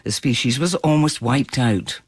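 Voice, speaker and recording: A male newsreader delivering a scripted radio bulletin in a measured, formal way. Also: medium pitch, slightly rough, dry recording.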